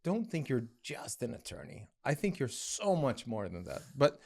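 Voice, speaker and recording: Lively, admiring male podcast host. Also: medium pitch, normal speed. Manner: admiring, encouraging questions. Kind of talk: interview hosting.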